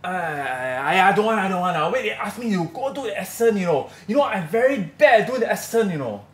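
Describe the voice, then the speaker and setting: A man voicing a shrill, hesitant Singlish younger brother, sheepish. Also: sing-song, fairly quick, echoey room. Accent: Singaporean English (Singlish). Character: awkward young Singaporean brother, shaved head. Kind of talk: comedy sketch.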